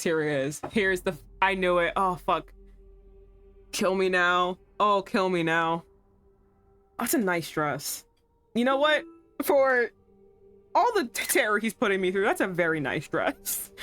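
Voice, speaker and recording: A young woman streaming a romance game, reacting out loud with frequent swearing and exasperation. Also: medium pitch. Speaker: streamer playing a romance visual novel. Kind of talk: casual live-stream commentary. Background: faint game music.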